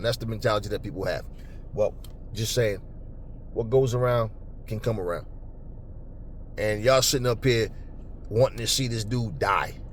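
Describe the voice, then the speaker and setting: A man hosting a boxing talk channel, ranting angrily and profanely at commenters, stumbling over repeated words when worked up, then cooling into calmer talk. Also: slight background noise. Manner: calmer and lower later on. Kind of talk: angry unscripted rant to camera.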